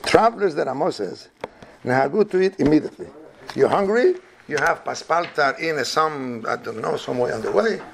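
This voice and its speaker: A man leads a halachic study class, his voice slightly high and gravelly. He rambles through the sources, weaving Hebrew terms into English. A faint hiss of noise sits behind him. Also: lively intonation, fairly quick. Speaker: Talmud class teacher.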